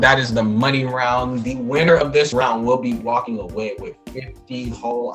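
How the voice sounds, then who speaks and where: Slow, playful slam host man. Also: medium pitch. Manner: playful, chanting crowd hype. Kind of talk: casual event hosting.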